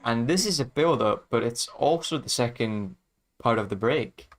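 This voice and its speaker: A man's voice: medium pitch, expressive, normal speed. A man chatting casually on his livestream as a music producer, laid-back and chuckling often, trailing off mid-sentence.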